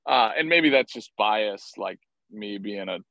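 Profane storytelling ex-ballplayer, dry sound. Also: male voice, on the low side, a little slow, gravelly, dry recording, lo-fi sound. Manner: animated, profane, acts out quotes. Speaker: former baseball player, guest. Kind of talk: casual storytelling interview.

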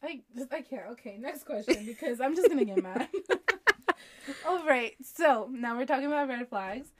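A young woman with a slightly high voice co-hosts a casual podcast chat. She agrees readily and fills her talk with "like". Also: expressive, normal speed, crowd noise. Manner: agreeable, frequent "mm-hmm" and "like". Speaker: podcast co-host.

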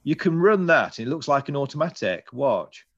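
A man's voice: mid-range voice, big pitch swings, moderate pace, muffled recording. A British man talking casually as a podcast co-host, chatty and enthusiastic, rambling a little as he goes. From Britain. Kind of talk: casual chat.

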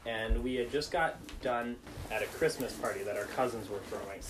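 A man's voice: mid-range voice, normal speed, noisy background. A young man, telling a funny story casually with friends and laughing at himself. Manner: animated, self-mocking, laughs through story.

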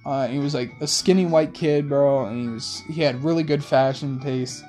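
A young man hosting a rambling late-night monologue in laid-back slang, with soft music playing behind him. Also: mid-range voice, moderate pace. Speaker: host. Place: in a car.

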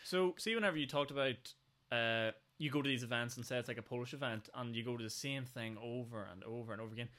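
A man hosts a casual interview at a quick clip. His voice is bright and forward, and he rambles in a friendly way, sprinkling "like" and "you know" throughout. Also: mid-range voice. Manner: chatty, fillers like "like" and "you know". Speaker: host.

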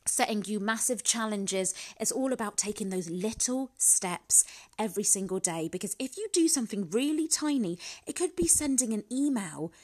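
A woman talks casually into her podcast mic at home, in a chatty, encouraging way, laughing often as she coaches. Her voice sits at an ordinary middle pitch for a woman. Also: animated, normal speed, darkish tone. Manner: chatty, laughs often, repeats "guess what". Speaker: podcast host, business coach. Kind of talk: casual motivational podcast talk. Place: living room at home.

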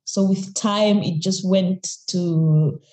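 Interview guest, young Kenyan woman, mellow and candid, echoey room sound. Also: mid-range voice, fairly even intonation, takes it slowly. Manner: reflective, candid, frequent laughs and restarts. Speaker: podcast guest. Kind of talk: podcast interview.

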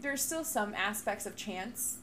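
A young woman co-hosting a podcast in casual chat, animated and laughing, slipping into playful quoted voices. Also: medium pitch, unhurried, a little hiss or hum. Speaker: podcast co-host.

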